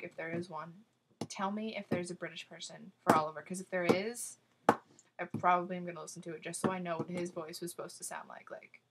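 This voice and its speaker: A woman's voice: fairly low pitch, very noisy. A woman gushing about a novel in a casual review to camera, talking freely with many fillers and restarts. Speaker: book reviewer.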